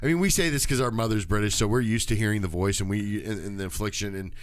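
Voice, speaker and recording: Hesitant, low-voiced man chatting casually. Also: fast talker, dry recording. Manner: hesitant, full of fillers and restarts. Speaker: podcast co-host. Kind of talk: casual chat.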